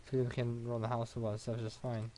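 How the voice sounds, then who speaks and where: A man reading a visual novel aloud for a let's play, in an even, unhurried way with small stumbles. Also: mid-range voice, a little hiss or hum.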